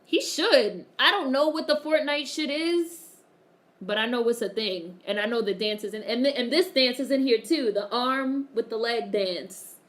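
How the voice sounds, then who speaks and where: Her somewhat bright, high-leaning voice moves at a normal pace. This woman runs a casual live stream, reading comments out loud, swearing freely and laughing often as she chats.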